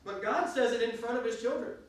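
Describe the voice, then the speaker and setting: A man's voice: very high-pitched, fairly quick. A man teaching a church Bible class, emphatic and stopping often to restart or to ask the class questions. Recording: echoey room, recorded from a distance.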